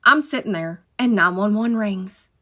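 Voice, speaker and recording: Bright-voiced woman telling a wild story. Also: mid-range voice, measured pace. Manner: profane, emphatic, dramatic retelling. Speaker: storyteller, former dispatcher. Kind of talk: casual storytime monologue.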